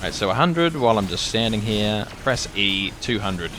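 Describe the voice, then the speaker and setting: Animated man narrating his gameplay. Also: on the low side, normal speed, noisy background. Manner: thinks aloud, excitable outbursts. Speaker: gaming channel host. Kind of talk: live gameplay commentary.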